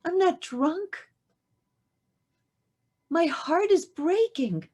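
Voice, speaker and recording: A woman's voice: mid-range voice, a little slow, mellow. A woman voicing an anguished, childless woman who speaks earnestly and insistently about her resolve to pray. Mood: anguished, resolute.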